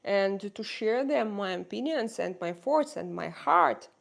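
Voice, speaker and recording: A middle-aged woman from Russia with a Russian accent, chatting casually to viewers in a halting way with many fillers and restarts. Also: medium pitch, animated, vocal fry. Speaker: channel host answering viewer questions. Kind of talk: casual livestream chat.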